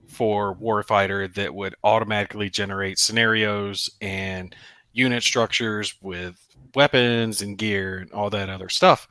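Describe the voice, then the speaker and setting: A Southern-accented man chats bluntly and jokes around. His voice is low yet bright and forceful. The sound is dry and close. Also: dry recording. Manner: blunt, joking. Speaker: co-host. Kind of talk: casual chat.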